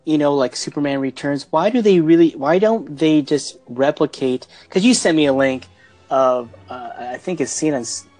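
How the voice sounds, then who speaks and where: Faint music plays behind a podcast host whose male voice is fairly high and darkish in tone, moving at a moderate pace. He leads a casual movie discussion with enthusiasm, rambling as he steers the conversation.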